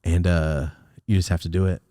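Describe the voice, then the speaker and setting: A man voicing his stern, unyielding father with a flat, blunt delivery in a dry room. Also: low-pitched, a little fast, no echo, voice pushed down, natural voice. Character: stern middle-aged father, gruff and unyielding.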